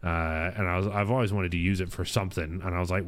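A man in his thirties, a streamer and podcast host, talks quickly in a low, fairly even voice. He's hosting a casual recap chat about his stream, rambling with plenty of fillers and restarts.

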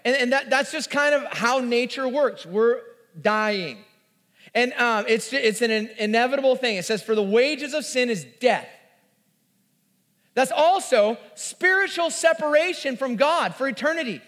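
High-voiced pastor preaching in a hall. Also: male voice, measured pace. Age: 40s. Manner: animated storytelling with acted-out voices. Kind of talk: sermon. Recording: reverberant hall.

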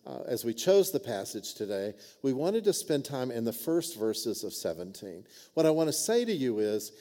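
A man preaches in a relaxed, conversational sermon style, often checking in with his listeners. His voice is mellow and mid-pitched, and it rings out with the long reverb of a church sanctuary. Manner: conversational, frequent "right?" and "amen?" asides. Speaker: pastor. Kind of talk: sermon with storytelling.

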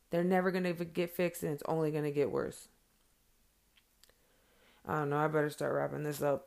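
A woman's voice: low voice, vocal fry, clear, resonant tone. Earnest plain-spoken mother vlogging. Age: adult with children. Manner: earnest, blunt, swears freely, many fillers. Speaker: vlogger addressing followers. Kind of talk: heartfelt direct-to-camera monologue.

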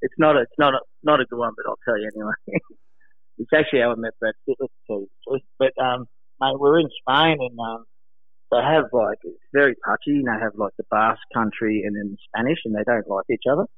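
A man, a former pro surfer, telling animated anecdotes in casual chat, acting out voices and laughing often. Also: medium pitch, quick pace, no echo. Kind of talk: casual storytelling. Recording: dry, phone-like narrow sound.

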